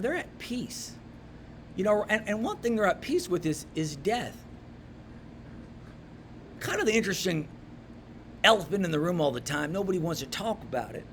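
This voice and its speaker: Guy telling a church story to men in a pub, high gravelly voice, goes loud then real quiet. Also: slight background noise. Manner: animated, swings from loud emphasis to hushed asides. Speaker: men's ministry speaker. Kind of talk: storytelling devotional talk. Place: pub room.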